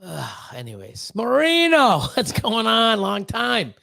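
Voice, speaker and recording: A man's voice: sits high, huge pitch swings, slow, creaky, pushed and bright. A man who breeds reptiles, hosting a livestream and ranting at length, blunt and heavily profane, often stumbling over repeated words.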